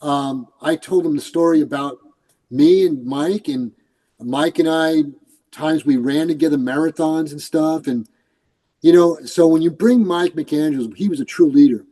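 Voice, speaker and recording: A man's voice: fairly high pitch, unhurried, low-quality recording. An older man from New York, a retired police commander, telling stories in a casual interview and acting out the voices of the people in them. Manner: animated, acts out quoted voices.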